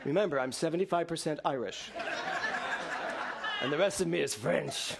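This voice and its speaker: A male minister giving a sermon in a lively storytelling way, mixing laughter and rhetorical questions for his congregation. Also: a little high, normal speed, creaky, heavy background noise.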